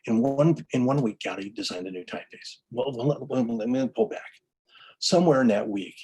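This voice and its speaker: A man's voice: medium pitch, lively intonation, fairly quick, darkish tone, slightly rough, low-quality recording. A man giving an enthusiastic lecture-style story about book history, full of restarts and stammers.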